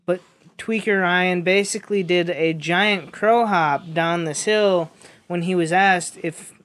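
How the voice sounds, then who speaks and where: Slow, smooth-voiced young man storytelling. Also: high-pitched, steady tone, fairly bright tone. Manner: rambling, filler-heavy storytelling. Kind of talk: casual storytelling chat.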